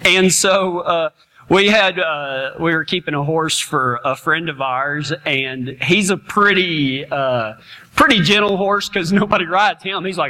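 Folksy high-voiced preacher man. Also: a little slow, bright, forceful tone. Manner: folksy, laughing storyteller. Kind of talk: storytelling sermon.

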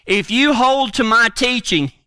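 Folksy high-voiced man telling a story. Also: lively intonation, measured pace, bright, forceful tone, smooth, no echo. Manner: folksy, rambling, earnest. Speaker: preacher and horseman.

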